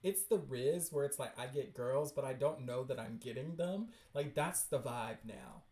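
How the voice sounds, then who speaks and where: A man hosting a livestream, excitedly reading webcomics aloud and reacting with slangy chatter and frequent laughs. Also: mid-range voice, normal speed, roomy sound.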